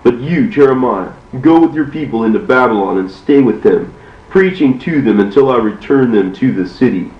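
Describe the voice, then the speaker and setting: Man voicing the Lord: grave, measured commands, lively pitch, dull distant recording. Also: reverberant, close to an everyday voice. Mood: solemn. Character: the Lord, commanding male divine voice.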